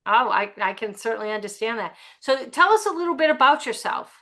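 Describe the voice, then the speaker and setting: A woman's voice: fairly high pitch, animated, fairly quick, pushed and bright. A woman hosting an interview, welcoming her guest in an eager, upbeat way. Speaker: interview host.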